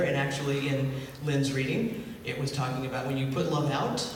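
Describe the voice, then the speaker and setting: A man's voice: mid-range voice, fairly quick, few pauses, slight background noise. A male minister giving a conversational sermon, often asking the congregation questions. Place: church hall. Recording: echoey hall from far off.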